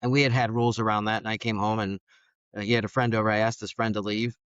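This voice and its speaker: A middle-aged man, a guest on a podcast, telling his personal story in an animated way and acting out the dialogue. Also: lowish voice, quick pace, clean tone, no echo. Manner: animated, acts out quoted dialogue. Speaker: podcast guest, foster parent. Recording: dull, dry studio sound.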